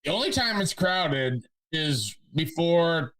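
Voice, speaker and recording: A man's voice: a little high, big pitch swings, slow, fairly bright tone, dry recording. A man co-hosting a casual podcast, chiming in with short agreeing remarks. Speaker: co-host. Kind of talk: casual chat.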